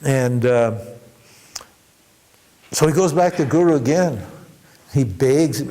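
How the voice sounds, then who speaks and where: A man's voice: medium pitch, takes it slowly, long pauses. Man telling a spiritual parable. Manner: animated storyteller, frequent restarts. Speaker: spiritual teacher. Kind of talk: storytelling in a workshop talk.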